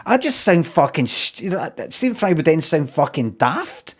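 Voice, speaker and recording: A man's voice: fairly high pitch, big pitch swings, moderate pace, hardly any pauses. A Scottish man streaming, talking in a rambling, sweary way with lots of ums and uhs. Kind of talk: casual rambling monologue.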